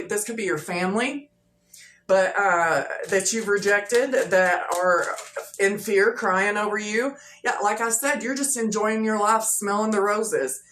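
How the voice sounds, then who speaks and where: In an echoey room with faint noise, a woman gives her viewers a casual, chatty tarot reading. She talks loosely, with plenty of fillers and repeats, in a medium-pitched, fairly bright voice.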